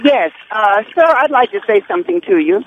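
A woman's voice: medium pitch, lively intonation, brisk, background noise. A woman calling in to a radio show, scolding the guest in a stern, indignant way over a muffled phone line. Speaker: caller. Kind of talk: call-in radio argument.

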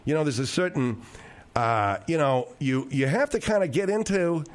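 Rambling, animated male radio host. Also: fairly high pitch, moderate pace. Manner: rambling, digressive storytelling with restarts. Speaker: radio talk show host. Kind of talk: radio talk show chat.

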